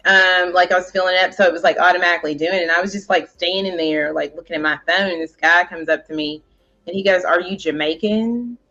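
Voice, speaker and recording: A woman co-hosting a casual chat, rambling and animated with many filler words. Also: fairly low pitch, fast talker, highs cut off. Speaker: co-host.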